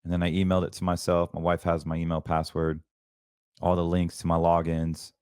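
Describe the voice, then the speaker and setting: Deep-voiced man giving earnest testimony. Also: monotone, a little fast, a little mellow, clean tone, no room sound, studio quality. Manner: earnest and preachy, voice drops low when emotional. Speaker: podcast host. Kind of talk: personal testimony in casual talk.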